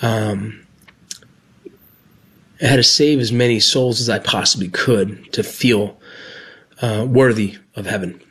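A man's voice: on the low side, slow pace, pauses often, fairly bright tone, husky. A middle-aged man, a former border agent and medic, telling his story in an earnest, heartfelt way, often restarting his sentences. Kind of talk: personal storytelling.

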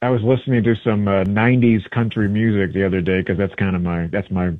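A friendly male caller with a lowish voice who laughs easily and pokes fun at himself. He comes through a tinny phone line that sounds dry and boxed in. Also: level tone, fast talker, dry recording. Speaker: guest calling in. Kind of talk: casual radio chat.

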